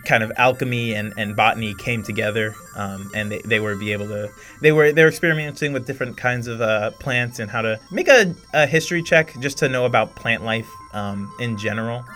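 Man, game master, tabletop narration, halting, lots of filler words, middle pitch. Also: bright, forceful tone, faint music behind. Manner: halting, full of fillers and restarts.

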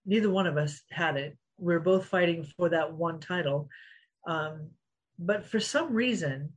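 A woman's voice: on the low side, slightly rough, low-quality recording. A middle-aged woman, a former fighter, telling stories in an interview, acting out quotes and laughing often. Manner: animated storyteller, acts out quotes, laughs often. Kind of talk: storytelling interview.

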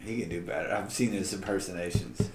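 A man's voice: deep voice, fast, a little mellow, roomy sound, slight background noise. A man co-hosting a podcast, chatting casually with friends, teasing them and laughing often. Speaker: podcast co-host. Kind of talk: casual chat among friends.

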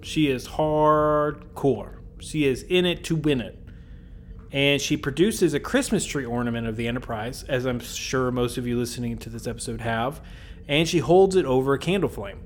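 A man's voice: mid-range voice, moderate pace, slight background noise. A man hosting a podcast, recapping an episode in a casual, joking way with rambling asides. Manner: jokey, rambling asides with chuckles. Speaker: podcast host.

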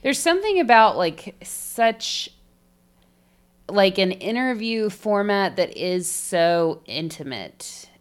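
A woman's voice: medium pitch, sing-song, slow, smooth. Sardonic woman podcast co-host. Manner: swearing, sardonic. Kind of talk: casual chat.

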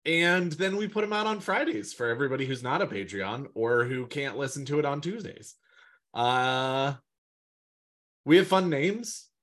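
A man's voice: mid-range voice, expressive, moderate pace, fairly bright tone. A man hosting a casual podcast, talking in a rambling, easygoing way. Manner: rambling, with fillers and laughs. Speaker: podcast host.

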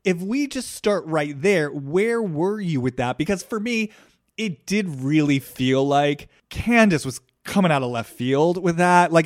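A man hosts a relaxed podcast chat, his voice sitting on the high side for a man. He talks things through in a reflective, probing way. The sound is dry and close, with no room echo. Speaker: podcast host. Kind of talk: casual podcast conversation.

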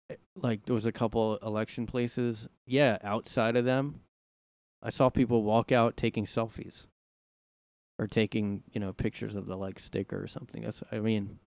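A man's voice: mid-range voice, a little mellow, clear, resonant tone, no room sound. A man hosting a casual solo podcast from his room, talking in a sarcastic, rambling way. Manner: sarcastic, rambling, mocks with put-on voices. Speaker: podcast host. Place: room at home.

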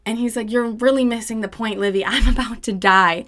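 A woman's voice: on the high side, steady tone, a little fast, hardly any pauses, a bit bright. A young woman in her twenties telling a story in a casual, profane monologue, often rising to indignant outbursts.

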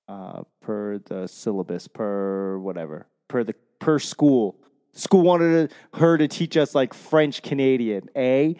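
Boston guy, slow unhurried delivery, smooth voice, long reverb around him, casual rambling monologue. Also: mid-range voice, mellow. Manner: rambling, self-deprecating, swears freely. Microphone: microphone.

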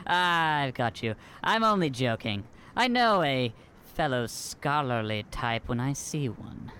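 Man doing a prissy rich scholar, very lively pitch, slow and fussy, faint hiss behind. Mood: prim. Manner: prim, gushing, naive academic chatter. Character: pompous rich young male pirate scholar.

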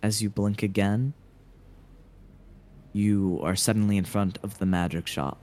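A man runs a tabletop game and lays out each scene with deliberate, dramatic narration. His voice sits fairly low and he takes his time. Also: steady tone, a little mellow. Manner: measured, dramatic scene-setting. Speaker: game master.

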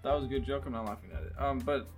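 A man's voice: medium pitch, steady tone, racing, over loud music. A man co-hosting a comedy podcast, cracking jokes and cutting in on the others. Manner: wisecracking, interrupting, giggly. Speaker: podcast co-host. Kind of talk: casual comedy podcast chat.

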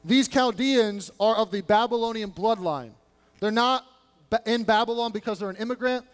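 High-voiced man preaching in a reverberant church. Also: moderate pace, clear, resonant tone. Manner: animated preaching, acting out biblical characters in casual modern speech. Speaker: pastor. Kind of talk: sermon. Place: church sanctuary. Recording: long hall reverb.

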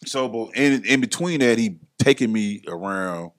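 A middle-aged man telling his story casually as a podcast guest, acting out other people's lines in a raised voice. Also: a little slow. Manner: animated, acts out others' lines in a higher voice.

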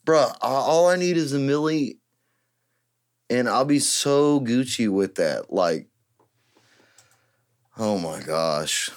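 A man hosting a podcast in a casual, joking, rambling way, getting excited as he riffs. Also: mid-range voice, takes it slowly, long pauses. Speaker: podcast host and guitarist.

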